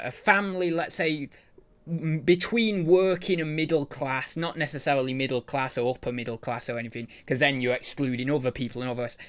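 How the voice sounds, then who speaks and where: A man's voice: fairly high pitch, fairly bright tone. A man hosting his channel, chatting casually and rambling, often losing his thread. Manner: rambling, loses his thread, mild swearing. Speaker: channel host, eBay reseller.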